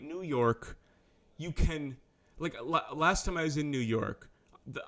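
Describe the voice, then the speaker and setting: A man's voice: medium pitch, fairly bright tone. A man chatting casually on a live stream, rambling, swearing and correcting himself as he goes. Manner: loose rambling talk with profanity and self-corrections.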